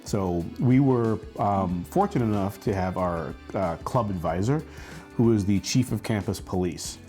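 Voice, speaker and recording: A storyteller host in his forties, speaking in a lowish voice and a little slowly, recounts a funny college story while faint music plays behind him. He's animated, laughing often and acting out the voices of the people involved.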